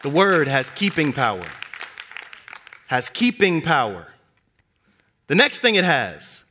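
A young male preacher with a notably high, very animated voice. He tells scripture stories with energy, swooping up and down as he acts out the characters' lines. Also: slow, pauses often, husky, some chatter behind. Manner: animated storytelling, acting out characters with big pitch swings. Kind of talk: sermon.

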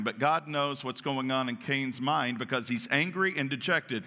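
A man preaching a sermon as pastor, in an animated, folksy way that acts out voices. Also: medium pitch, moderate pace, hardly any pauses. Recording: long church reverb.

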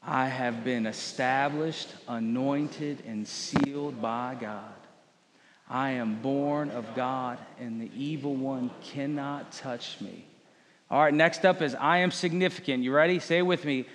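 A man's voice: medium pitch, fairly even intonation, measured pace, long reverb tail, noisy background. A man preaching a sermon as pastor, leading his congregation through spoken declarations. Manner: leads congregation in call-and-response declarations.

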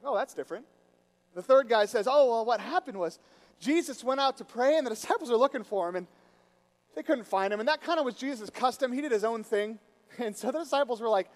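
A man with a notably high voice preaches a sermon. He tells stories with animated quoted voices, then sinks to a quiet, intimate tone when he turns reflective. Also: a little fast. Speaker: pastor.

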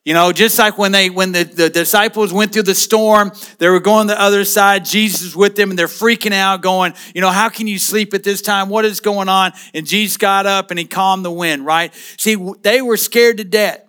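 A middle-aged man, a pastor, preaching a sermon in a relaxed conversational way with asides and jokes. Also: sits high, moderate pace, few pauses, clean tone.

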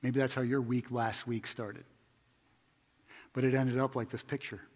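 A male pastor preaching a conversational sermon, moving between loud emphatic stretches and hushed quiet ones. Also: mid-range voice, little pitch movement, moderate pace, in a large hall.

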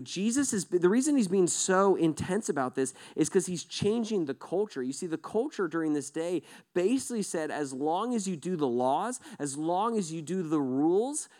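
A man preaching a sermon in a loose, conversational way, acting out quick quotes in different voices. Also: fairly high pitch. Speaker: pastor.

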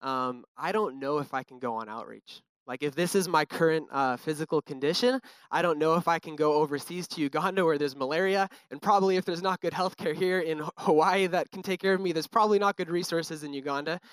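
A man's voice: a little high, a little fast, hardly any pauses, clean tone, dry recording. A young man giving an earnest, casual personal testimony, full of fillers. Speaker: speaker sharing a testimony.

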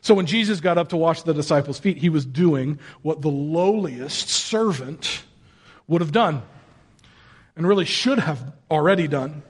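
A man's voice: on the high side, a little slow, breathy edge. Casual, joking male pastor preaching. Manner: casual, joking, animated storytelling. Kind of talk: conversational sermon.

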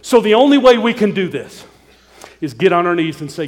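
Pastor, male, high-pitched, earnest pleading sermon delivery, long church reverb. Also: expressive, brisk.

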